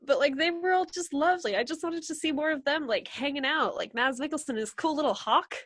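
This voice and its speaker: A woman's voice: high-pitched, fast, a bit bright, no room sound, clean studio sound. A young woman co-hosting a casual movie podcast, giggly and gushing, filling her speech with "like". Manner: giggly, gushing, uses "like" a lot. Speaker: podcast co-host. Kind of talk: casual chat.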